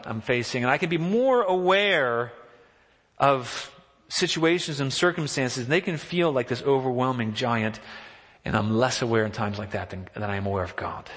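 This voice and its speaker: Animated preacher in a reverberant hall. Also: male voice. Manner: animated, acts out quotes with rising pitch. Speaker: pastor. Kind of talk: sermon.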